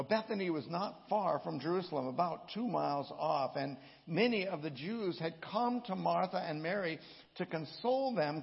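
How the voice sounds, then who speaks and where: Slow gravelly preacher in a hall. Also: male voice, a little high. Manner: reads scripture with dramatic inflection, slow and emphatic. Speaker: pastor. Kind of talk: sermon. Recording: dull echoey hall.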